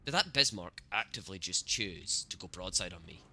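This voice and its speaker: A man streaming gameplay, reacting excitably to the match and talking to his chat, cursing at the game. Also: low voice, fairly quick, husky. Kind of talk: live gameplay commentary.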